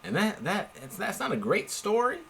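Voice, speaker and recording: A young man telling a story from his own life in a laid-back, slangy, animated way. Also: high-pitched, moderate pace, vocal fry, husky. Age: young adult. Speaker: storyteller vlogger. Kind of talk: casual storytelling.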